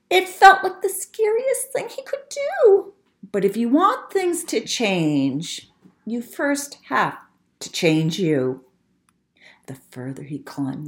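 Slow, very expressive woman storyteller. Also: low voice. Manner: expressive, playful. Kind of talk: reading a rhyming storybook aloud.

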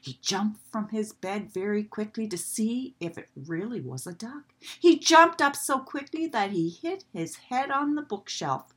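A woman reading a children's storybook aloud in a gentle, expressive way. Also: medium pitch, a little slow, hardly any pauses, slightly rough.

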